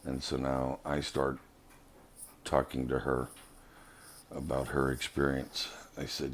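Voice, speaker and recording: A man giving an earnest, halting personal spiritual testimony as a vlogger. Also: very deep voice, completely flat delivery, a little hiss or hum.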